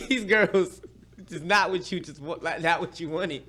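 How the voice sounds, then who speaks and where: Laughing, animated man telling a story. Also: slow, background noise. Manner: animated, laughing, voice jumps high when excited. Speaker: podcast co-host. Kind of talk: casual storytelling chat.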